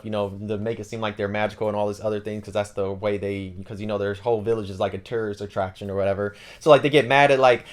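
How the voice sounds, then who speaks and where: Fast-talking man recapping a story casually. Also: fairly low pitch. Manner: rapid and slangy, full of "like" and "yo". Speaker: anime channel host.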